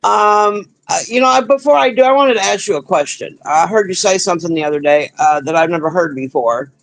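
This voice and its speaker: Guy guesting on a live stream, pretty high voice for a man, gravelly, dry sound, curious and friendly. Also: fairly quick, fairly bright tone, no echo. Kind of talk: casual conversation.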